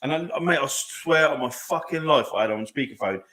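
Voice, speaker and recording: A man, talking fast and emphatically in a casual podcast chat, swearing often and calling his listener "mate". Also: mid-range voice, pushed and bright. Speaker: podcast co-host.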